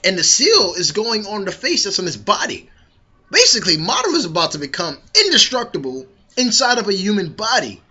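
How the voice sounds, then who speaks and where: An excitable man reviewing a comic chapter in a casual vlog, talking in slangy, profane bursts. His voice is bright and husky, and his pitch jumps around a lot. The recording sounds dull and lo-fi. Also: brisk.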